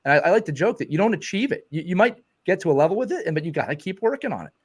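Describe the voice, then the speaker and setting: A middle-aged man hosting a podcast interview, talking candidly in halting bursts with repeated words. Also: high-pitched, sing-song, slightly rough. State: emotional. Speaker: podcast host. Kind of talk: casual interview chat.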